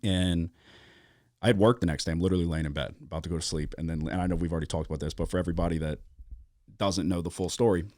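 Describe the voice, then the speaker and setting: Man, podcast host, from Louisiana, profane, animated, low-pitched, dry close studio mic. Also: very fast, dry recording. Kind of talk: casual sports-betting podcast chat.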